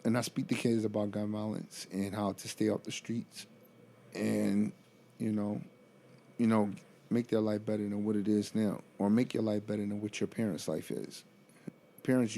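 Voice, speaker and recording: A man with a gravelly, fry-edged voice tells a story in a loose vlog style. He is animated and profane, laughs often, and keeps breaking into incredulous exclamations. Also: on the low side. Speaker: motivational speaker.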